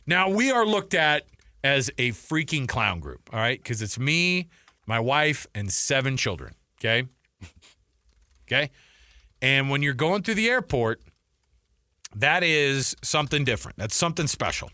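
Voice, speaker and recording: A sports radio co-host, a man with a fairly high, bright voice, talks in an animated, laughing way. His delivery swoops up and down as he tells stories, close on a dry studio mic. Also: no echo. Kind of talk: casual sports talk chat.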